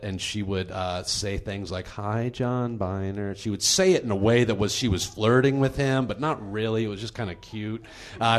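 A man hosting a comedy podcast, telling a true story in an animated, laughing way. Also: fairly low pitch.

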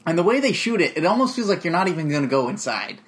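Wry rambling podcast host. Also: male voice, a little high, big pitch swings, fast. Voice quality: rambling, wry, full of restarts. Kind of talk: casual chat.

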